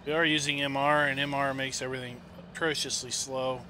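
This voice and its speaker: A man's voice: medium pitch, little pitch movement, a little fast, bright, forceful tone, slight background noise. A man casually chatting and telling stories while streaming a farming game, rambling with lots of fillers. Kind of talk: casual gameplay chat and storytelling.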